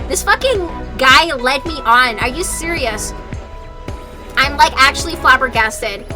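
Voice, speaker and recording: A woman streamer chatting live over a game, animated and exasperated, swearing freely, at a desk mic with faint music behind. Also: sits high, measured pace. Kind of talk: casual livestream chat over a game.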